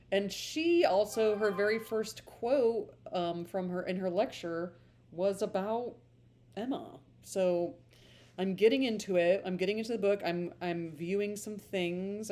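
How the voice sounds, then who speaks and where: Woman rambling about a book she's reading, kinda low voice, faint hum behind her. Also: a little mellow. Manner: thinking aloud, searching for words. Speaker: book reader and vlogger. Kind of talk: casual reflective chat.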